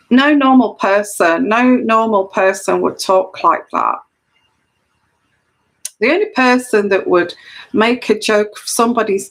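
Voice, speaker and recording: Slow, earnest woman explaining at length. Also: medium pitch, a bit bright, rough recording. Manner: earnest and explanatory, repeats her phrases for emphasis. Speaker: intuitive tarot reader. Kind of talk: solo camera monologue of personal commentary.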